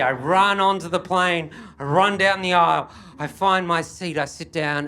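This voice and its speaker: Male stand-up, bright and forceful tone, self-mocking, animated delivery, live stage. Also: fairly high pitch, measured pace, few pauses, clear, resonant tone. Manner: animated, self-mocking, building to frantic yelps. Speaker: stand-up comedian. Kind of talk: stand-up storytelling.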